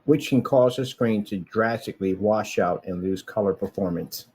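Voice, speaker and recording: A man's voice: on the low side, normal speed, low-quality recording. A man giving a rambling, boastful vlog monologue, repeating himself as he talks. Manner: animated, boastful, repetitive. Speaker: vlogger.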